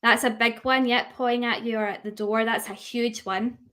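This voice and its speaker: Chatty and interactive, a young woman runs a live online dog grooming lesson, posing questions to viewers and reading out their chat answers. She speaks at a moderate pace in a fairly high, slightly bright voice with fairly even intonation.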